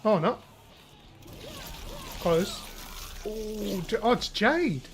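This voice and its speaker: Excitable Australian co-host. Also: male voice, sits high, extremely slow, faint music behind. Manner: excitable, swears, laughs often. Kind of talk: casual gaming banter.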